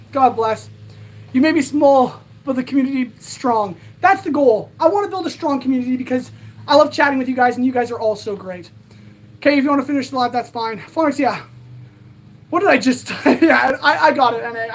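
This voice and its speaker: A woman with a high-pitched voice signs off her casual livestream at a fairly quick clip, rambling and sincere in her thanks to viewers. She sounds worn out and a bit breathless, yet her bright voice stays light even as fatigue drags it down.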